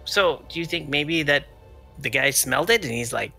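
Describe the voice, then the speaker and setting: A tabletop game player asking quick, excitable questions in and out of character. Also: mid-range voice, vocal fry, faint music behind. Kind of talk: casual tabletop play and in-character talk.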